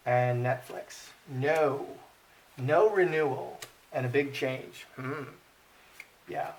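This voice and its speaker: A man's voice: medium pitch, takes it slowly, gravelly, a little hiss or hum. A man giving casual commentary while reading cards, thinking aloud, repeating himself and murmuring the card names. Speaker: card reader.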